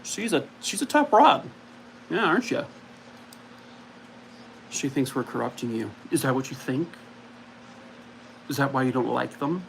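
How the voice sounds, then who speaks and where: A man's voice: mid-range voice, very animated, measured pace, gravelly, pauses often, a little hiss or hum, poor audio. A man hosting a casual live stream from home, chatting and cooing at his dog. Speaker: streamer host.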